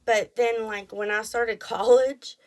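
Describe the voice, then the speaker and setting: A woman's voice: a little high, fairly even intonation. A woman in her late thirties from Texas with a thick Texan accent, chatting casually and rambling as a podcast host. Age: 30s. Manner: rambling, self-deprecating, quick asides and mock voices. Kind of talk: casual chat.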